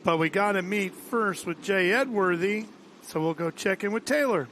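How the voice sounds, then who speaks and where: A man providing race commentary in a brisk, enthusiastic broadcast manner. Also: high-pitched, a bit bright, a little hiss or hum.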